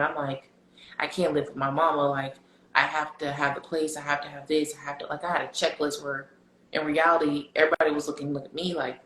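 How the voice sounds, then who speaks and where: Animated woman in an echoey room. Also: deep voice, slight background noise. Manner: animated, emphatic storytelling with slang. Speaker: podcast guest. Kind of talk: casual faith chat.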